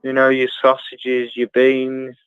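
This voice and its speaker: A man's voice: mid-range voice, completely flat delivery, takes it slowly, smooth, no echo. Rambling Birmingham man on a call. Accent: Birmingham English. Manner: rambling, jokey, many fillers. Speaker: caller. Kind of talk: casual chat. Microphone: joining by video call. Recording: dull lo-fi call audio.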